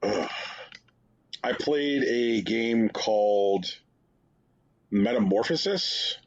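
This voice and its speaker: A man's voice: medium pitch, expressive, normal speed, husky. A man co-hosting a podcast, telling long sarcastic stories in casual chat, full of fillers. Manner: rambling, sarcastic storytelling with many fillers. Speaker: podcast co-host. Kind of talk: casual chat reviewing games. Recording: dull lo-fi sound.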